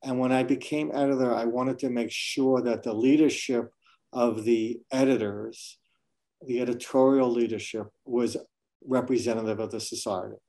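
Warm-voiced, reflective medical school dean. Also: male voice, mid-range voice, steady tone, normal speed. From New York City. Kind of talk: webinar interview answers.

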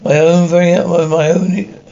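A man reads a whole script aloud in a fairly high voice, speaking every part and sound cue himself. His reading is flat and halting, stumbling over words as he goes. The audio is dull and lo-fi, with a faint hiss under it. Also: gravelly. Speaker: script reader.

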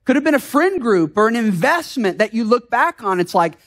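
A man's voice: very high voice, very animated, a little fast, hardly any pauses, a bit bright. A male pastor from the United States preaching a sermon in an earnest, conversational way, with frequent rhetorical questions to the congregation.

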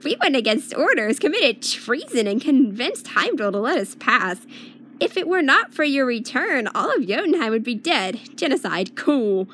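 A woman voicing a brash, sharp-tongued young warrior woman who teases and taunts. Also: high-pitched, sing-song, normal speed, a little hiss or hum, pitched above the performer's own voice. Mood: taunting.

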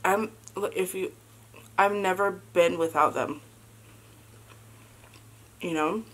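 A woman in her thirties chatting casually as a vlogger and mother, halting and soft with many fillers, fighting back tears. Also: lowish voice, steady tone. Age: 30s. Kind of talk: casual confessional chat.

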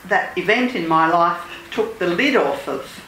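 Speaking a little slowly in a fairly low but fairly bright voice, a woman who heals and teaches spiritually talks with animated, earnest emphasis and leads mantra chants in call-and-response. The lodge meeting room sounds echoey and noisy, and she stands far from the mic.

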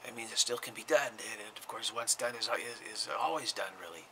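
A man, a spiritual teacher, giving an informal talk to viewers, often dropping into a breathy whisper and repeating words as he goes. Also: fairly low pitch, a little fast, sharp tone, slight background noise, low-quality recording.

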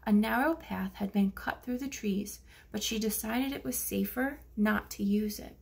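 A woman reading a children's storybook aloud as narrator, slipping into soft whispers for hushed lines. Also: mid-range voice, normal speed, creaky. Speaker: audiobook narrator.

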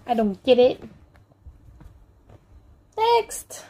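A woman narrates her mobile gameplay in a relaxed, unhurried way, teasing and threatening the on-screen characters. Her voice sits a little high and has a mellow, soft tone. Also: low-quality recording. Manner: playful, talks to game characters, mock threats. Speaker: gameplay channel host. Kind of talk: casual mobile game commentary.

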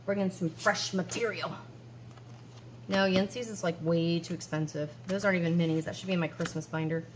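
A woman's voice: fairly low pitch, steady tone, a little fast, a little hiss or hum. A woman in her forties chatting casually at home as she counts cash aloud and talks to herself between numbers. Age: 40s. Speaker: budgeting vlogger.

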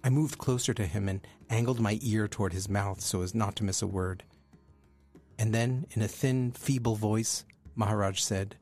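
Husky-voiced man telling a story. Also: on the low side, normal speed, darkish tone, soft background music. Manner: earnest, reflective. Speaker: podcast host. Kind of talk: storytelling monologue.

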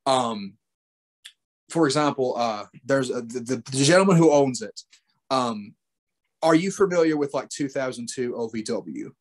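A man's voice: mid-range voice, lively intonation, moderate pace. A man being interviewed as a wrestler, telling stories with animation, laughing and acting out his own remarks. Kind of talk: casual interview chat.

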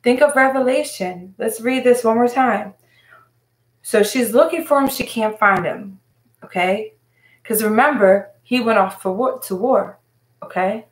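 A woman's voice: fairly high pitch, normal speed. A woman leading a Bible study, reading scripture aloud and explaining it in an earnest, emotional way that often turns to her listeners directly. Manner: emotional, earnest, addresses listeners as "you guys". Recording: echoey room.

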